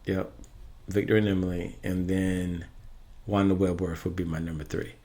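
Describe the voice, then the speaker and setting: A man's voice: deep voice, flat delivery, moderate pace, mellow. A man casually giving his opinions on Halloween animatronics in a rambling vlog, correcting himself as he goes. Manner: chatty, rambling with self-corrections. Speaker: Halloween prop reviewer.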